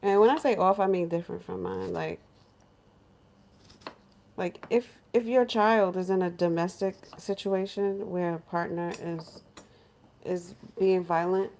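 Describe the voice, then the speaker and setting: A woman from New York, a lifestyle vlogger, telling a story in casual chat in her home kitchen, animated and laughing, acting out other people's voices. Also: lowish voice, a little slow, gravelly, a little hiss or hum. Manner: animated, laughing, acts out crying voices in quotes.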